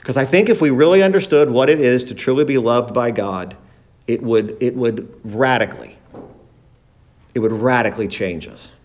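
A man's voice: mid-range voice, moderate pace, a little mellow. A man preaching a sermon as pastor, emphatic, acting out the disciples' words in a raised voice.

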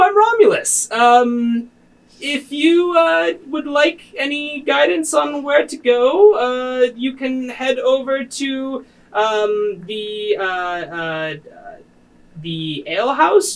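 A man's voice: very high voice, slow pace, voice pushed up, full character voice, low-quality recording. A man voicing a timid male village advisor who halts often with ums and uhs. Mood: eager, fumbling. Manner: hesitant, full of ums and uhs.

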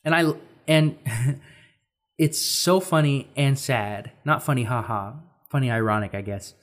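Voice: mid-range voice, unhurried. A podcast co-host in casual chat, rambling and searching for words as they talk.

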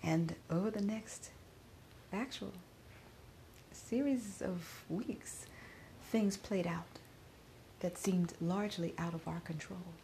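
A grieving middle-aged woman speaks in a fairly low voice, her words often sinking into a soft whisper. It is a personal reflection, recorded with a faint hiss underneath. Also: takes it slowly, pauses often. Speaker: podcaster.

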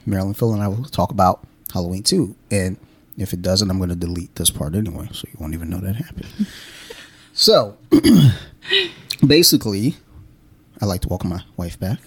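A male podcast host talking in a loose, profane, animated storytelling way. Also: low voice, normal speed, breathy edge. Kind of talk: casual podcast chat.

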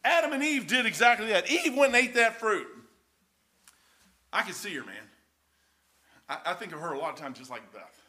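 Older male preacher, high-pitched, folksy rambling storyteller. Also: very animated, moderate pace, pauses often, pushed and bright. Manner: rambling folksy anecdotes, says "man" often. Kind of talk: storytelling sermon.

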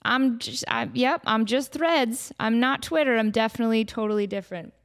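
A woman's voice: a little high, normal speed, clean tone, close to an everyday voice. A woman voicing a sly wolf in disguise who stubbornly insists on a false identity in a fake-innocent tone.

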